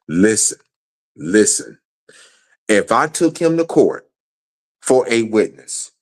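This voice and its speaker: A man angrily ranting on a livestream, profane and repeating himself. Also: medium pitch. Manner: angry, profane, repetitive. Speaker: guest. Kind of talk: heated livestream rant.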